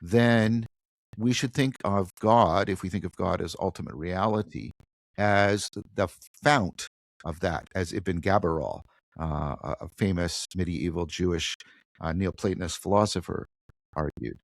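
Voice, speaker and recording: Low-voiced man explaining ideas with animated emphasis. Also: unhurried, gravelly, no room sound. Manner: thoughtful, animated, frequent restarts and self-corrections. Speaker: guest philosopher. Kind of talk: conversational podcast interview.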